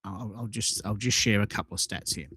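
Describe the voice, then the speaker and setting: A man's voice: fairly low pitch, fairly even intonation, a little fast, pushed and bright, husky, dry recording. A man co-hosting a podcast, talking casually and enthusiastically, often repeating and restarting words. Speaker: podcast co-host. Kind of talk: casual chat.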